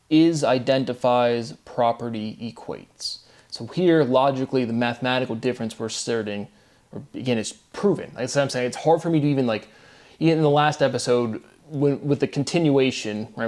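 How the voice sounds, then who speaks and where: A man's voice: mid-range voice, darkish tone. A man talking off the cuff in a monologue video, rambling and grandiose, restarting sentences and tagging them with "right?". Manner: grandiose, bursts of short laughter. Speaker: video creator. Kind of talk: unscripted monologue on math theory.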